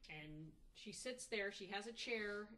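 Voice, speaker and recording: A woman with a bright, forceful voice is chatting in a casual interview. She tells her stories haltingly, restarting her sentences often, and turns lively whenever she imitates someone. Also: mid-range voice. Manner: halting, many restarts, animated when mimicking.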